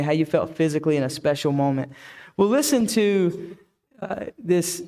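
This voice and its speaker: A man's voice: fairly high pitch, a little mellow. A man preaching a reflective sermon who asks the listeners many questions. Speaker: pastor.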